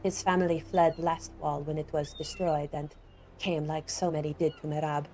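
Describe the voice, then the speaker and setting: A woman voicing a formal, measured robed expert who wears a plague doctor mask. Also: deep voice, level tone, a little mellow, slight background noise, natural voice.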